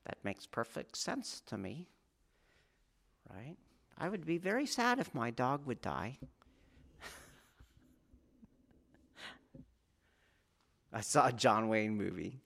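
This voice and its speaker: A man teaching martial arts students in an informal, rambling lecture, often laughing and checking whether they follow, growing loud when he presses a point. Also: lowish voice. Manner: rambling, laughs often, asks "do you see?".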